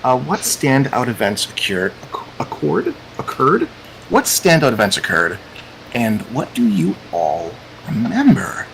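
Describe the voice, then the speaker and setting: A man's voice: medium pitch, very animated, unhurried, fairly bright tone, slight background noise, poor audio. Chatty man hosting a tabletop game. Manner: chatty, meandering, repeats "cool". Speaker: game master.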